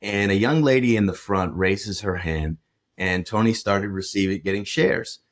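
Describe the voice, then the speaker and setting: A man co-hosting a relationship podcast, recounting a personal story in a steady, measured way. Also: lowish voice. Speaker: relationship coach and podcast co-host.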